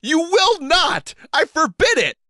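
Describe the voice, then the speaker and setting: A man voicing a frightened young woman who pleads with him in a high, strained voice. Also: sing-song, slow, pushed and bright, dry recording, studio quality, heavily acted. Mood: pleading.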